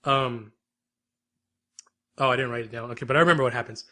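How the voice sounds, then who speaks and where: A man co-hosting a podcast, recapping an episode in a lively, rambling, casual chat. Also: medium pitch, a little fast. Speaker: podcast co-host.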